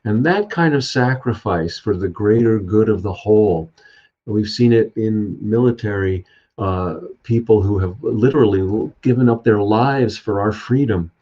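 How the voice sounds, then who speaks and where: A low-voiced man tells an ancient tale, then muses on what it means, pausing often with fillers. He sounds like he is on a video call, with a dull, lo-fi tone. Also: mellow. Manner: unhurried, hesitant with fillers. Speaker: storyteller and speaker. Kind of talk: reflective spiritual talk.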